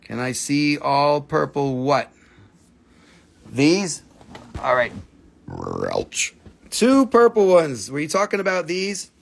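A man's voice: a little high, lively intonation, slow, gravelly, long pauses. A man hosting a live crystal sales stream, joking crudely, swearing and calling out prices like an auctioneer. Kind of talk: casual live-stream selling chat.

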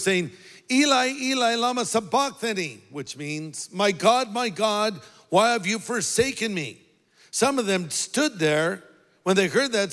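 High-voiced pastor preaching in a big hall. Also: male voice, a bit bright. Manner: conversational preaching, dropping low for quoted words and rising for emphasis. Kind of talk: sermon. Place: large church auditorium. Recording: long reverb of a large hall.

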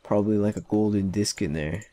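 A man's voice: fairly low pitch, brisk, no room sound. Young guy cursing his way through a game, talks at the characters, dry close mic. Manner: excitable, swears often, talks to game characters. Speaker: let's play gamer. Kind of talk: casual gameplay commentary.

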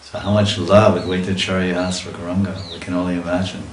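A man with a very deep voice gives a devotional scripture lecture. He recites verses and breaks into emotional, acted-out cries as he tells the story. The room is echoey, with faint ambient noise behind him. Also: little pitch movement, a little fast. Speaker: swami giving a scripture class.

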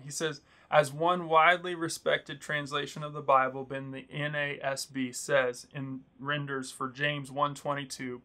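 A man's voice: mid-range voice, pushed and bright. A young man teaching in a video, summarizing a book's advice in an earnest, encouraging way and quoting its author often. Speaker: Bible study teacher. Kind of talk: video book overview, teaching.

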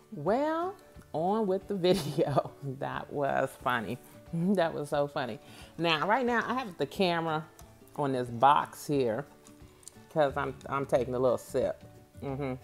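A woman with a notably low voice talks easily to her viewers from home, as if they were friends. She keeps it casual and chatty while she shows items off camera, with soft music playing faintly behind her. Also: animated, takes it slowly. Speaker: vlogger.

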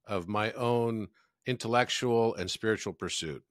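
A man hosting a podcast, talking in a reflective, measured way. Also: on the low side, a bit bright, no echo, studio quality. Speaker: podcast host. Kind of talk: conversational podcast interview.

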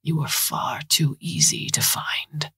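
Lady doing a creepy whispery guy hacking someone's mind, low and husky, sneering. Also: very animated, normal speed, no echo, clean studio sound, full character voice. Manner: hushed, breathy whisper. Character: sneering male mind-hacker posing as a father.

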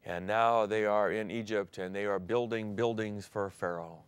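A middle-aged man who grew up in Thailand, preaching a sermon with sudden swings from loud declaring to near-whispers. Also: fairly low pitch, fairly even intonation, moderate pace, clear, resonant tone, no room sound. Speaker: pastor.

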